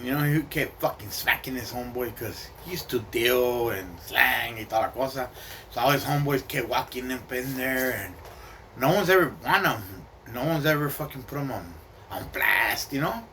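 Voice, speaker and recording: Man, casual streetwise storyteller, profane, sharp bright tone. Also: medium pitch, animated, moderate pace, a little hiss or hum. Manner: streetwise, profane, slang-heavy, mixes in Spanish.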